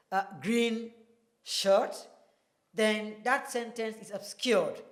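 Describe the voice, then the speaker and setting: Emphatic woman teaching. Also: mid-range voice. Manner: emphatic, repeats example sentences slowly, asks rhetorical questions. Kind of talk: classroom lesson on English stress.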